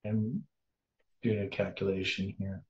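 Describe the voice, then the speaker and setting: A man leading an informal Bible study, thinking aloud with many pauses and fillers as he works through word meanings. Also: sits low, steady tone, darkish tone. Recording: roomy, slightly dull recording.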